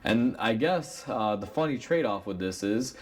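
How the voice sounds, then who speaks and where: A man's voice: lowish voice, expressive, moderate pace. A man with a Chicago accent, an auto shop owner, telling a customer story casually to camera and acting out the heated quotes.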